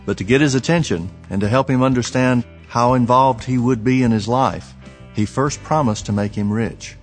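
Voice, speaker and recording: A man's voice: mid-range voice, moderate pace, faint music behind. A man preaching a sermon, telling a personal story in an earnest, emphatic way. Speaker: pastor.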